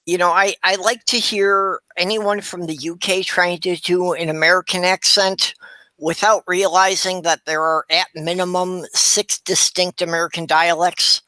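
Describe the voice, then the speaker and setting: A man chatting on a live stream with a wry, deadpan sense of humor. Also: high-pitched, moderate pace, dry recording. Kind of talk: casual live stream banter.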